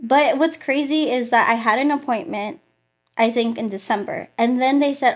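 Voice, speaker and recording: This is an interview in which a young woman shares her testimony of faith, mimicking the people she quotes and frequently saying "like." Her voice is fairly high, her pace measured, her delivery animated.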